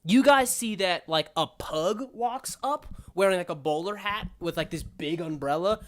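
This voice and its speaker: Rambling tabletop game master. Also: male voice, sits high, normal speed. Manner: rambling, lots of fillers and restarts.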